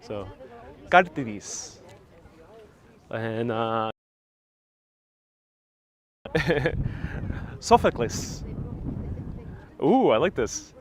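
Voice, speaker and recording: A man's voice: medium pitch, very animated, drawn-out words, pauses often, noisy background. Chatty man live-streaming outdoors. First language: Spanish. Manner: chatty, laughs often, reads viewer comments aloud. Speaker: travel vlogger, live-stream host. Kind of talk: casual live-stream tour chat. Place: outdoors at a hilltop historic site. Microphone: phone on a gimbal with a wireless mic.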